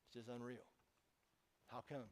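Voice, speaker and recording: A man pastor preaching a sermon in church, telling a story with emphatic swings in loudness and speaking straight to the congregation. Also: medium pitch, flat delivery, normal speed, slight background noise, poor audio.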